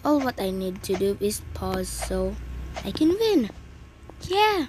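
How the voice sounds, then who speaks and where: Woman, casual gameplay commentary, excitable, slow-paced talk, clear clicking noise behind. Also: mid-range voice, poor audio. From Philippines. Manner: excitable, chatty, frequent exclamations. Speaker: gaming channel host.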